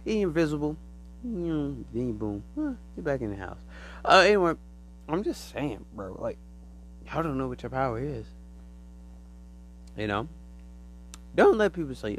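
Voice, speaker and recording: A man's voice: mid-range voice, very animated, a little fast, a little hiss or hum, low-quality recording. A man hosting his own podcast, telling a loose story in casual slang. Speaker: podcast host. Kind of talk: casual solo monologue.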